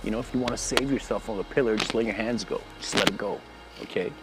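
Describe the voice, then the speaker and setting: A man's voice: lowish voice, fast talker, over loud music, natural voice, low-quality recording. A man doing an anxious young seeker. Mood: exasperated. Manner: pleading, flustered.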